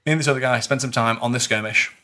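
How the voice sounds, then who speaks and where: A man co-hosting a podcast, telling an animated story in casual chat and acting out the voices of others. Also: mid-range voice, rapid-fire. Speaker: podcast co-host recounting a LARP.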